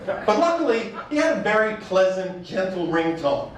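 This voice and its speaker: A man giving a comic speech, telling wry, animated stories with mock quotes. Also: high-pitched, normal speed, slight background noise. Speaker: speaker. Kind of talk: stand-up style speech. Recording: echoey room, mic far off.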